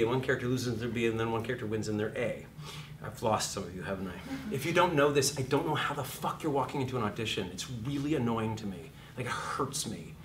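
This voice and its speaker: A man's voice: medium pitch, a bit bright, echoey room, a little hiss or hum. A man teaching acting to a live class in a hot room. He is blunt and profane, acts out quotes and sings notes.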